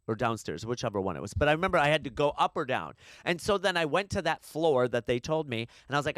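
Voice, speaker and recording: A man's voice: medium pitch, expressive, brisk, fairly bright tone, no room sound. A man co-hosting a podcast, ranting in a casual, exasperated way and swearing now and then. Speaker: podcast co-host. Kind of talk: casual rant. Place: New York City.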